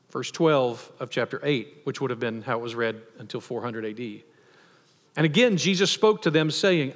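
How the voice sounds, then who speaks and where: A man preaching a sermon as pastor, animated and asking the congregation questions. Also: medium pitch, moderate pace. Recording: long hall reverb.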